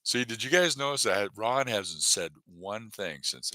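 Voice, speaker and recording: Lively joking man with a bright voice. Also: lowish voice, measured pace, no echo. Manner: rambling, jokey, many fillers. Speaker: comedy channel host. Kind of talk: casual live-stream chat.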